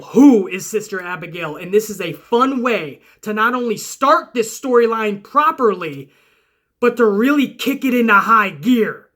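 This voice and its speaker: A man casually laying out his wrestling booking ideas in a profane, rambling, enthusiastic monologue. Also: high voice. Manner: profane, rambling, heavy swearing; enthusiastic, animated storyteller. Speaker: wrestling fantasy-booking vlogger.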